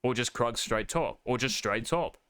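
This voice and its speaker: A man's voice: mid-range voice, moderate pace, fairly bright tone, clean tone, no echo. A man coaching a player over a live stream, blunt and profane, calling his student mate. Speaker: game coach.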